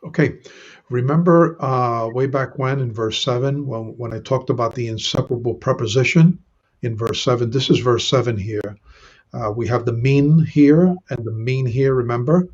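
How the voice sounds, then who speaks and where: Husky man teaching Hebrew grammar. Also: mid-range voice, moderate pace, a little mellow, muffled recording. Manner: patient, explanatory, many "uh" and "okay". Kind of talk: online Hebrew grammar lesson.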